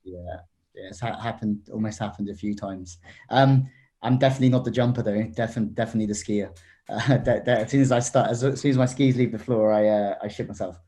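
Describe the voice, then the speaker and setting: Laid-back English man, low voice. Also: fairly quick. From England. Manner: relaxed, chatty, laughs easily. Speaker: guest commentator and coach. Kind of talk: casual podcast chat.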